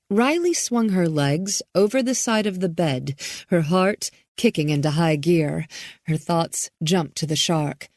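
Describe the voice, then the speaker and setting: Slow, measured woman narrating an audiobook. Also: lowish voice, no room sound, clean studio sound. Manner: measured, calm delivery. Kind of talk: scripted narration.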